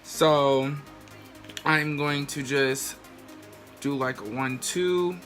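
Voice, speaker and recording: A man's voice: mid-range voice, very slow, a bit bright, faint music behind. A man talking casually through a makeup tutorial, chatty and slangy, explaining each step while he works. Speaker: makeup vlogger.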